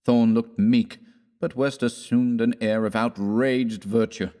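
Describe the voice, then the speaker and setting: A man narrating a classic story in a measured, theatrical reading, giving the characters their own voices. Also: mid-range voice, fairly even intonation, dark tone. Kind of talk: scripted audiobook narration.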